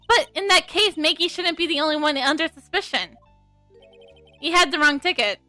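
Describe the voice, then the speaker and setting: A woman streamer reading a game aloud in an earnest, quick way with frequent self-corrections. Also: high voice, bright, forceful tone, no room sound, soft background music.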